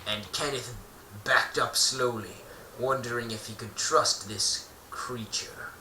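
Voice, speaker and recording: A man's voice: medium pitch, slow, pushed and bright, a little hiss or hum. A man telling an improvised story in a playful, rambling way, often correcting himself mid-sentence. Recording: roomy echo, distant mic.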